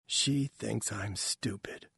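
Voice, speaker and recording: A man voicing an anxious female alien with fur and a pouch, raising his voice slightly and speaking softly and hesitantly. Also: on the high side, animated, a little slow, husky, no echo, pitched above the performer's own voice, full character voice. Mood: hurt. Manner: worried, hesitant, soft-spoken.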